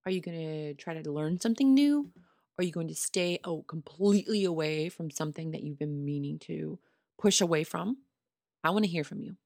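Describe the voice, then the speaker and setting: A woman hosting her own podcast in a casual solo monologue, chatty and enthusiastic, talking straight to her listeners, her voice a little hoarse. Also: low-pitched, dry recording, clean studio sound. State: slightly hoarse. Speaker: podcast host. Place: small home studio.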